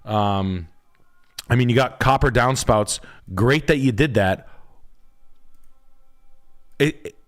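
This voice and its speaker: A man's voice: medium pitch, slow pace, long pauses. A man hosting a live stream, giving blunt, profane critiques of house listings as a realtor.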